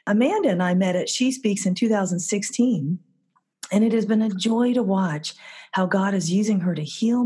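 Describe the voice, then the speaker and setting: A woman hosting a podcast interview while nursing a cold. Her voice is husky and a little breathy. She reads her intro and questions in an earnest, scripted manner. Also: on the low side, a little mellow. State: has a cold. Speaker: podcast host.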